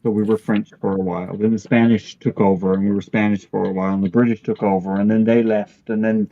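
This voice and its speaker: Low-voiced man with a Newfoundland accent. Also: little pitch movement, fast. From Newfoundland, Canada. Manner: joking, chatty. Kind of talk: casual chat on a livestream. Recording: dull lo-fi audio.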